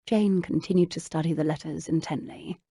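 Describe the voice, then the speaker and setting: A woman reading an audiobook in measured, even storytelling narration. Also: low-pitched, breathy edge, no echo, clean studio sound. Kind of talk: scripted narration.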